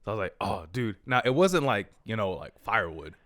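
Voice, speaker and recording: A young man co-hosting a podcast, telling a story in casual chat, swearing freely and loudly acting out the people in it. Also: lowish voice, quick pace, no room sound, studio quality. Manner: animated, swears often, acts out dialogue in loud bursts. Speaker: podcast co-host.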